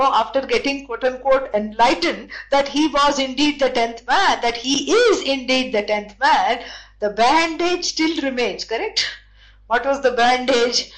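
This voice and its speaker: A woman with an Indian English accent teaching scripture through a story. She tells it in an animated way, laughs often and keeps asking rhetorical questions. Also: high-pitched, low-quality recording. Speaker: Vedanta teacher. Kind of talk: storytelling lecture.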